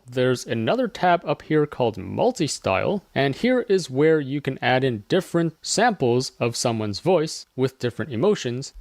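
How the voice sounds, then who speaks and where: A man hosting a casual software tutorial, explaining each step as he clicks through it. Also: medium pitch, dry recording. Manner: chatty, explains steps as he clicks. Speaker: tutorial host.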